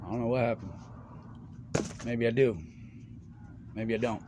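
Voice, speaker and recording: A man's voice: medium pitch, fairly even intonation, unhurried. A man talking in a rambling personal monologue to a friend, meandering from topic to topic with many fillers. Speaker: speaker addressing a friend. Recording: clear background noise.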